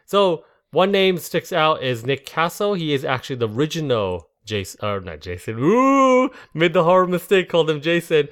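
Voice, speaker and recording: Man, casual podcast co-host, smooth resonant voice, rambling, trips over names. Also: mid-range voice. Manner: rambling, stumbles on names, laughs at own jokes. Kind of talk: casual movie review chat.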